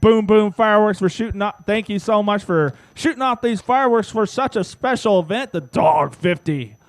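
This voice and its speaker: A man's voice: a little high, no echo. A man announcing at a racetrack, thanking a sponsor in an upbeat, plain way. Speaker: track announcer.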